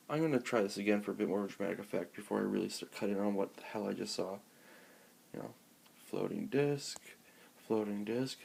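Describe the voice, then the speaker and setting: A man's voice: fairly low pitch, steady tone, a little fast, creaky, pauses often, a little mellow. A man filming himself at home with a handheld camera, ranting in an exasperated, sarcastic, profane way during an unboxing. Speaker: vlogger. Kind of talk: rambling unboxing rant.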